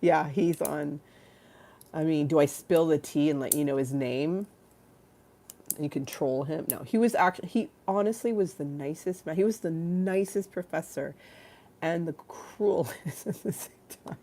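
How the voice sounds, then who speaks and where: Low-voiced, tired, rambling woman host. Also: a little slow, mellow. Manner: rambling, self-mocking, laughs often, reads chat aloud. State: tired, yawning. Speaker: livestream talk show host. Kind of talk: casual livestream chat.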